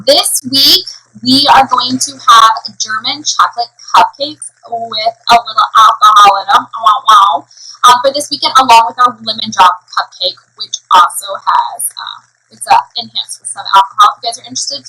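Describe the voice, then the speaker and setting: A chatty woman in her thirties talks through a casual live stream, her voice a little high, bright and forward. There is a husky, breathy edge to it, and she rambles along with easy fillers and laughs. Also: rough recording. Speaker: bakery co-owner hosting a live stream.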